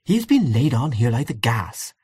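A man's voice: mid-range voice, very animated, moderate pace, mellow, breathy edge, dry recording, studio quality. A man voicing a kindly, fussy elderly aunt in a storybook reading. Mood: fussing.

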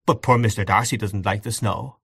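A man reading aloud, voicing a fussy, motherly older woman who scolds briskly. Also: lowish voice, fairly even intonation, creaky, fairly bright tone, breathy edge, no room sound, clean studio sound, exaggerated voice. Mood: fussing.

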